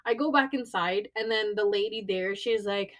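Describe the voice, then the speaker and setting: A woman's voice: mid-range voice, moderate pace. A young woman telling a story casually to her viewers, rambling, swearing and saying "like" a lot. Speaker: vlogger.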